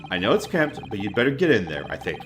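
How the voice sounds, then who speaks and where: A man voicing a confident young man who teases his friend in a calm, dry manner. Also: on the low side, fast talker, music in the background, voice pushed down. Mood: teasing.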